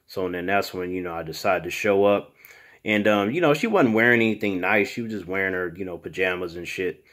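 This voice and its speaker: A man voices a swaggering, foul-mouthed mutant monster who hosts his own channel and addresses everyone as "human". He boasts, swears freely and refers to himself in the third person. His voice sits a little low. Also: lively intonation, a little fast, a bit bright. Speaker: channel host. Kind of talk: comedic storytelling monologue.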